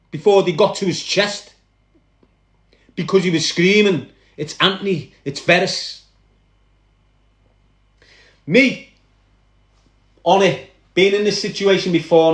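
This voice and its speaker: A man with a Liverpool accent recounting his past in dramatic first-person storytelling, animated and speaking straight to his listeners. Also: sits high, reverberant. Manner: animated, addresses listeners directly.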